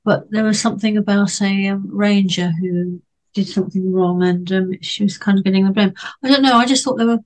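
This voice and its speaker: A woman talking through a book on a club panel in an easy, chatty way. She hesitates often, restarting her sentences and filling pauses with ums as she goes. Her voice sits at an ordinary middle pitch for a woman. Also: fairly even intonation, poor audio. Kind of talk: casual discussion.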